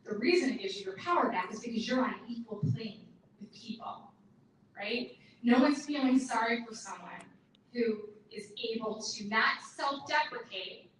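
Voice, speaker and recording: A woman giving a live workshop talk to an audience, animated and acting out other people's lines in a higher voice. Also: normal speed, a little hiss or hum. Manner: animated, acts out her mother's lines in a higher voice. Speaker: workshop presenter. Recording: echoey room, far from the mic.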